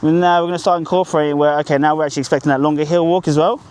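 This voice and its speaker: A man's voice: fairly high pitch, steady tone, rapid-fire, darkish tone. A man working as a dog trainer, coaching an owner outdoors on a group walk. He is upbeat and encouraging, with sing-song praise for the dog.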